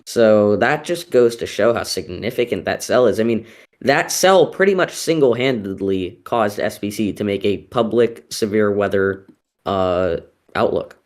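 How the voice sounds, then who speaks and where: Low-voiced man reporting storm updates. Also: a little slow. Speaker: weather co-host. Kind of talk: live weather coverage.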